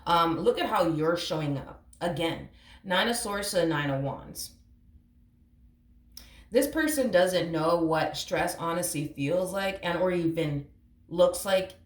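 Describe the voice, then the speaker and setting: A woman with a lowish voice gives a tarot reading in a casual, blunt way. She hammers her points home through repetition and talks straight to the listener. She sits back from the mic in a roomy, echoey space. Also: far from the mic. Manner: emphatic, repetitive, blunt, calls listener honey. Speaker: tarot reader. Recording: roomy echo, away from the mic.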